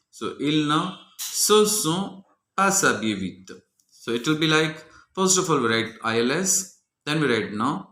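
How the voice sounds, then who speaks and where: A man's voice: on the high side, sharp tone, echoey room. A man teaching a French grammar lesson, walking methodically through each exercise answer step by step.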